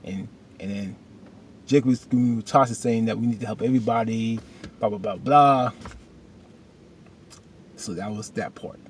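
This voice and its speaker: A man's voice: lowish voice, normal speed, long pauses, a little hiss or hum. A man casually recapping a drama episode, retelling scenes loosely with lots of fillers and asides, and at times talking straight to the characters in a preachy way.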